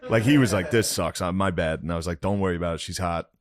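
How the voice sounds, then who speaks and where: A man's voice: deep voice, fast. A man in his thirties, a comedian co-hosting a podcast, casually telling a long story and acting out the lines of the people in it. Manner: laid-back, acts out quoted lines.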